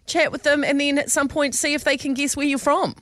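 A woman teasing her co-host in casual podcast banter. Her voice sits a little high and sounds close and dry. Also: steady tone, fairly quick, no room sound. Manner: teasing, chatty.

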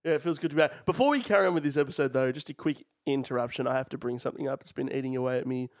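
A man's voice: mid-range voice, racing, dry recording. A young Australian man co-hosting a comedy podcast, rambling in a mock-formal way into a close mic. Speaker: podcast co-host. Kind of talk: casual comedy podcast chat.

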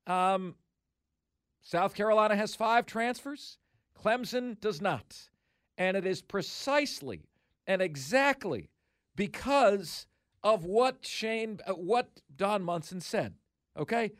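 A man with a notably high speaking voice holds forth as a sports talk radio host, emphatic and opinionated. He drives his points home by repeating them. The sound is close and dry, with no room around it. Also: fairly bright tone, no room sound.

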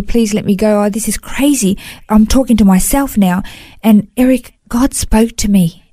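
Woman telling her story in an interview, mellow voice, dry close sound, keeps saying you know. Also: medium pitch, no echo. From Australia. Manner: earnest, emotional storytelling with frequent "you know". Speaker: interview guest. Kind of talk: personal testimony in an interview.

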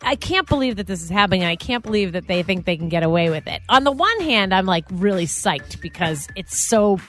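A woman's voice: mid-range voice, expressive, brisk, a bit bright, faint music behind. A woman co-hosting a morning radio show, chatting and gossiping about the news. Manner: chatty, gossipy, laughs often. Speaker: radio co-host. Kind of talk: casual morning radio chat.

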